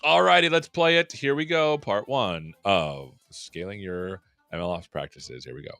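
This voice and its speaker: A man's voice: lowish voice, normal speed, vocal fry, a bit bright, dry recording. A man hosting a tech show, chatting loosely and joking with many fillers. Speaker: show host. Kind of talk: casual live-stream chat.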